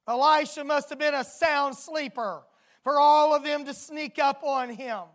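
High-voiced, slow, dramatic preacher. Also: fairly even intonation. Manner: dramatic storytelling with emphatic outbursts. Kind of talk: sermon.

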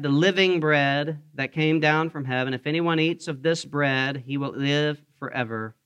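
A man's voice: a little high, fairly bright tone, clean tone. A man preaching a conversational sermon as pastor, asking the congregation questions and joking with them. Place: church sanctuary.

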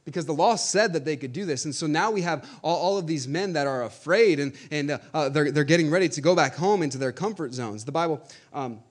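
A man's voice: on the high side, brisk, few pauses. A man in his thirties, a pastor, preaching a conversational sermon with frequent fillers and restarts and reading scripture aloud.

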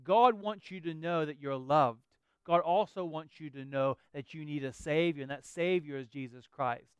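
A man's voice: on the high side, moderate pace, clear, resonant tone, dry recording, muffled recording. A middle-aged man preaching a sermon as a pastor, earnest and conversational with emphatic rises.

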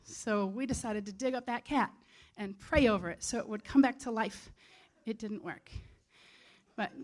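A woman's voice: on the high side, moderate pace, darkish tone. A woman preaching a sermon in an earnest, conversational way.

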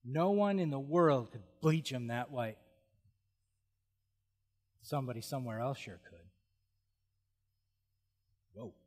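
Animated male pastor in a reverberant hall. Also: medium pitch, slow pace, long pauses. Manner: animated, humorous, exclaims "whoa". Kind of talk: sermon. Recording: long reverb of a large hall.

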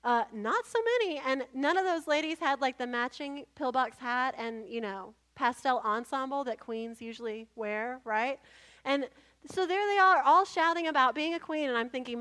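Lady pastor preaching, high voice, funny lively storyteller. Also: moderate pace. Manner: humorous, animated storyteller. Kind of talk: sermon.

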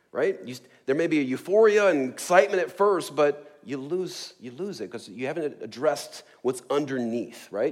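A man's voice: mid-range voice, husky. A man in his forties preaching a sermon in a conversational way, often checking in with "right?" and stressing key words. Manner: conversational, frequent "right?" asides, lively emphasis. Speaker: pastor.

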